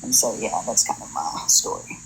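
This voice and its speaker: A man's voice: moderate pace, a bit bright, a little hiss or hum, low-quality recording. A man on a live call telling a personal story in a hesitant way, full of fillers. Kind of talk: casual storytelling.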